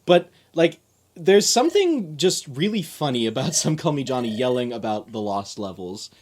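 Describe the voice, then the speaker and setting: A man's voice: mid-range voice, big pitch swings, normal speed, darkish tone. A man casually commentating a video game playthrough as a guest, rambling and hesitant, with frequent restarts. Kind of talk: casual let's play commentary. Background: video game music.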